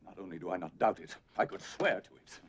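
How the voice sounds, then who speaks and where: An actor playing a flustered, exasperated bank manager who keeps over-explaining and grows more frantic. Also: male voice, sits low, fast talker, slightly rough. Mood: strained patience. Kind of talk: film acting.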